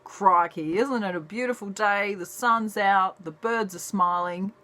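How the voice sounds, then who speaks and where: A woman imitating an excitable Australian wildlife man who exclaims loudly and cheerfully. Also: mid-range voice, unhurried. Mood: excited.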